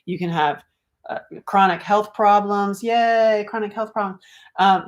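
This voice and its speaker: A middle-aged woman from North Carolina, an author talking casually on a livestream, chatty and animated, acting out quoted voices. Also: mid-range voice. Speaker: author and speaker.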